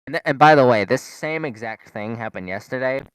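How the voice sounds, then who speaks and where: A man's voice: medium pitch, fairly quick, a bit bright, smooth, dry recording. A young man, a podcast co-host, telling a rambling story in casual chat, full of fillers and swearing. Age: young adult.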